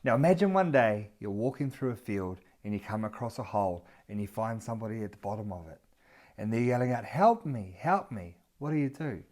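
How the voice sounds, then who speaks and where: A man's voice: on the low side, fast. A man and regular vlogger telling a story straight to camera in a casual, conversational way, talking the viewer through it. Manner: relaxed, conversational, second-person storytelling.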